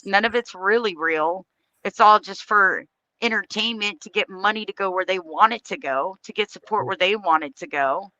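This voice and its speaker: A woman's voice: medium pitch, sharp tone, no room sound, muffled recording. An American woman hosting a livestream, delivering a heated, profane political rant with blunt emphasis. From United States. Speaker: livestream host.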